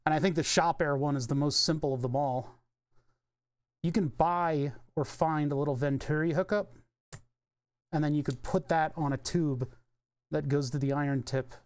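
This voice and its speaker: A man's voice: on the high side, steady tone, moderate pace, long pauses. A man chatting casually on a live stream while soldering at his electronics bench, rambling and thinking aloud with offhand swearing. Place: home electronics workbench.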